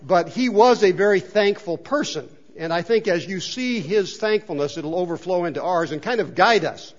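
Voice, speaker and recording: A man's voice: sits high, lively intonation, normal speed, dull audio. A man preaching a sermon in a chapel, talking conversationally and asking the congregation questions. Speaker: pastor. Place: church chapel.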